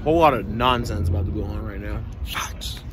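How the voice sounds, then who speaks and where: A man's voice: on the low side, brisk, a crowd in the background. A young man on a road trip with friends, riffing in a joking mock-announcer ramble. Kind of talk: casual banter. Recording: noisy car ambience.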